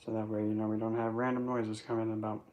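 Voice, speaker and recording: A man's voice: on the low side, flat delivery, fast talker, darkish tone, a little hiss or hum, rough recording. A man chatting casually in a Q&A, rambling, joking and breaking off mid-thought, on an in-ear mic. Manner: rambling, jokey, self-interrupting. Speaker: vlogger and spiritual instructor. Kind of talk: casual Q&A chat. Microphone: in-ear headset mic.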